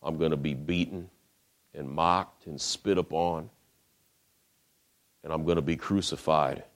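Preacher voicing a soft-spoken, deep-voiced Jesus, gentle and plain, for a sermon retelling. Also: male voice, steady tone, unhurried. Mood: solemn, quiet. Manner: quiet, low, casual modern wording. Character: Jesus, calm grown man, plainspoken and gentle.

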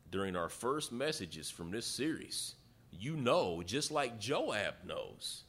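A pastor with a low, fairly bright voice preaches a sermon, retelling a story in a folksy manner and acting out the quoted lines.

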